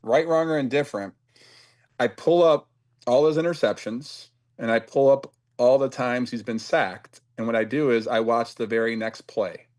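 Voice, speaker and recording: A man from Cleveland, a football coach, answering interview questions in a thoughtful and measured way. His voice sits at an ordinary middle pitch for a man, and he speaks earnestly. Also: a little mellow. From Cleveland, USA.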